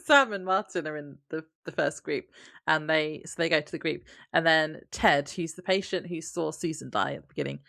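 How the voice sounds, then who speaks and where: Woman, slightly low voice, podcast co-host, casual recap, giggly, dry sound. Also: gravelly, a bit bright, dry recording. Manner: giggly, laughs often between lines. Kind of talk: casual chat recapping a TV episode.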